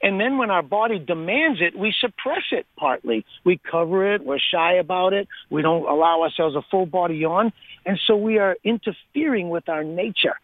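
A man's voice: high voice, normal speed, no echo. A man, a breathwork author, explaining eagerly as a radio interview guest, laughing often and repeating phrases for emphasis. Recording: tinny phone line.

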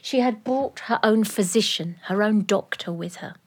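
A woman telling a folk tale live in a studio, animated and playful, with laughing asides. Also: mid-range voice, normal speed. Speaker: storyteller. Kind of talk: live oral storytelling. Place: recording studio.

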